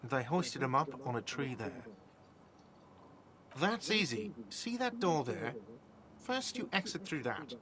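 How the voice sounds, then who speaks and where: A man's voice: medium pitch, sing-song, takes it slowly, pauses often, fairly bright tone, slight background noise. A man voicing a petulant, defensive male cafeteria manager in a video game. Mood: helpful. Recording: game audio over a crowd murmur.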